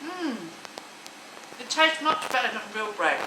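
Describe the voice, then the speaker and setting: A woman's voice: mid-range voice, animated, measured pace. A woman vlogging casually from her home kitchen, chatty and enthusiastic with many ums and restarts. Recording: echoey room, distant mic, noisy.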